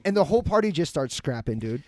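High-voiced young man, rambling laughing stories. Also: big pitch swings, quick pace, darkish tone. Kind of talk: casual storytelling chat.

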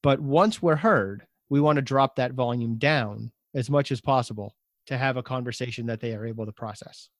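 A man's voice: medium pitch, steady tone, a little fast, no room sound, clean studio sound. A man hosting a podcast interview, thinking aloud and rephrasing his guest's advice in his own words. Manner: thoughtful, summarizes and rephrases the guest's points. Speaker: podcast host. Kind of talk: conversational interview.

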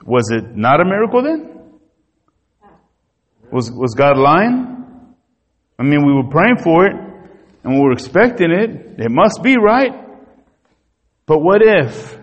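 A man pastor delivering a sermon, telling a personal story in an animated, emotional way. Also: a little high, slow pace, pauses often, big-room sound.

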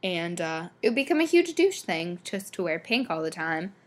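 This young adult podcast host has a fairly low voice with big pitch swings and talks at a normal speed. Alone at the mic, she chats casually and bluntly, rambling with lots of cursing and constant ums and likes.

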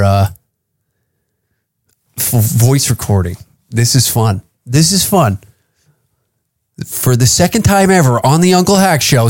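A man's voice: mid-range voice, darkish tone, no room sound. Brash guy hosting a comedy podcast, swears a lot, dry close sound. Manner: brash, profane, mock-therapeutic. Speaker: podcast host. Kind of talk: casual comedy podcast rant.

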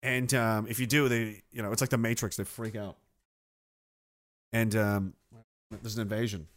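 At a moderate pace, a man with a fairly low pitch and level tone hosts a live show. He goes on a casual livestream rant, sarcastic and swearing a lot, and reads the chat comments out loud.

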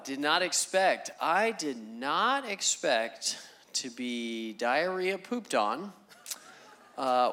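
A man's voice: mid-range voice, sharp tone. A man talking candidly and reflectively about fatherhood on a church panel. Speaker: panel guest.

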